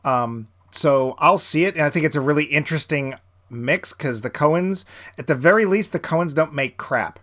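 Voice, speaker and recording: A man's voice: fairly high pitch, a bit bright. A man from the Boston area co-hosting a film podcast, giving wry, opinionated takes in casual chat. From New England, Boston area. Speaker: podcast co-host.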